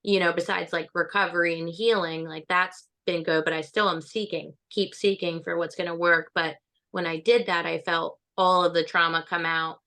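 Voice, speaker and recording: Bright-voiced chatty woman on a call. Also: on the low side, level tone, normal speed. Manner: chatty, open, full of fillers like "right?". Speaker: participant. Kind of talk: casual talk on a group video call.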